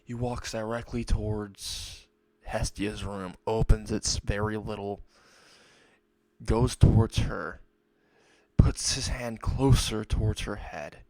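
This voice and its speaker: A young man tells an improvised fan story, rambling and correcting himself as he goes. He speaks slowly in a fairly low voice. The recording is dry and close, with no room sound. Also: steady tone, a little mellow, no room sound. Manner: rambling, restarts mid-sentence. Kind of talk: improvised fan-fiction narration.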